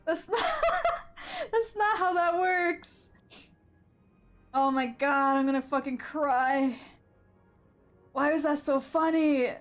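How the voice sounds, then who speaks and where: A woman's voice: sits high, slow, long pauses, faint music behind. A woman streaming a video game with live commentary, giggling often and swearing as she talks. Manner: giggly, swears, laughs through her words.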